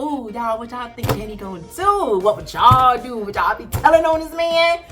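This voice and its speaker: Lively woman recapping a show, music behind. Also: sits high, moderate pace, few pauses. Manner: animated, dramatic, talks straight to viewers. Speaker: faith TV recap vlogger. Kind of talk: excited casual recap chat.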